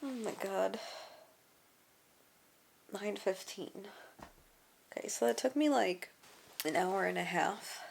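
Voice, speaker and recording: Slow-talking young woman vlogging about books. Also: medium pitch, creaky, slightly rough. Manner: emotional, exclaiming, chatty. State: tired. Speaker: book vlogger. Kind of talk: casual reading vlog.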